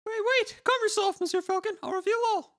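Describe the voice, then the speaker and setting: Shifty male bird prince, fake Spanish accent, squeaky and fawning, video game character. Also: fairly even intonation, quick pace, a bit bright. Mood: pleading. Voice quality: stupid high-pitched voice.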